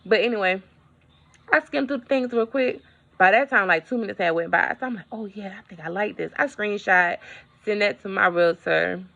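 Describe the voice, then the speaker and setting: Chatty woman vlogger with gravelly voice. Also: mid-range voice, normal speed, fairly bright tone, highs cut off. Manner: chatty storyteller, addresses viewers directly. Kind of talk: casual vlog update.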